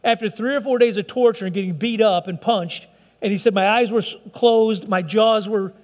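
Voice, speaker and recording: A man preaching to his congregation in a church. His voice sits high for a man, and it rings out with a long reverb through the hall. He keeps it conversational, asking the room questions as he goes. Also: normal speed, darkish tone. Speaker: pastor. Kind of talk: sermon. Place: church, broadcast service.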